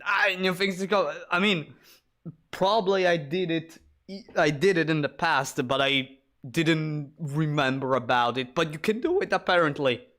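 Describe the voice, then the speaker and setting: Excitable man streaming a retro shooter. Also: a little high, a little slow. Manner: rambling, excitable, swears and laughs when surprised. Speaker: streamer playing a shooter game. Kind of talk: casual gameplay commentary.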